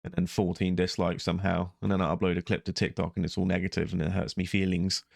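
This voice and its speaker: Low gravelly young man. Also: little pitch movement, fast talker, a little mellow, no echo, studio quality. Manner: rambling, self-mocking, sarcastic. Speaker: YouTube reaction host. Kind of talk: casual reaction commentary.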